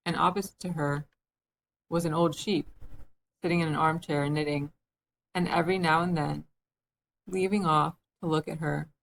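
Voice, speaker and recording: A woman's voice: low-pitched, gravelly, a little hiss or hum, poor audio. Woman narrating a classic storybook. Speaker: audiobook reader.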